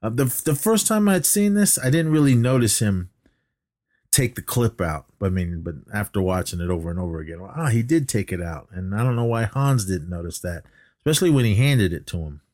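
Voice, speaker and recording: A low-pitched man talks through a movie recap, rambling and restarting his sentences with plenty of fillers. He coughs every so often. His voice sits close and dry on the mic, with no room sound. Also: very animated, fairly quick, a little mellow, no echo. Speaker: podcast co-host. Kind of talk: casual movie recap chat.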